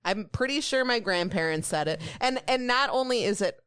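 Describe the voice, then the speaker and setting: A woman co-hosting a podcast in casual chat, telling rambling, animated stories. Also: mid-range voice, moderate pace, smooth, no room sound. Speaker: podcast co-host.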